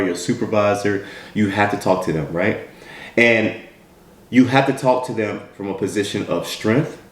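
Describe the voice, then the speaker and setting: A man from the United States giving a direct, repetitive motivational talk as a mentor. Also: on the low side. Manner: direct, repetitive, keeps asking "right?". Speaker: motivational speaker. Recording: roomy echo.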